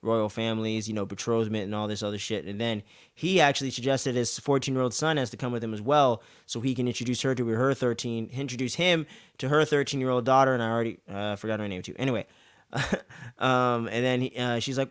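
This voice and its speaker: A man's voice: medium pitch, fairly even intonation, a little fast, clear, resonant tone, no room sound, clean studio sound. A young man hosting a podcast, recapping an episode in loose, profane casual talk, filling his sentences with "man" and "uh". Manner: loose and profane, acts out characters' lines in exaggerated voices; many fillers like "man" and "uh".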